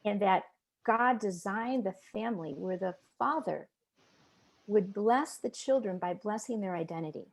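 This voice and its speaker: A woman's voice: mid-range voice, measured pace. A woman, around her fifties, giving a personal testimony as an interview guest, earnest and emotional as she tells it and acts out the voices she quotes.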